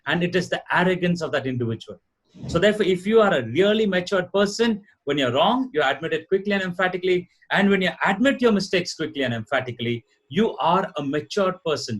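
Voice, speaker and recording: A middle-aged Indian man, a corporate trainer appearing as a guest speaker, answers lecture-style on a talk show at a live event before an audience. His husky, fairly high voice carries an Indian English accent as he explains things earnestly and emphatically, repeating his points.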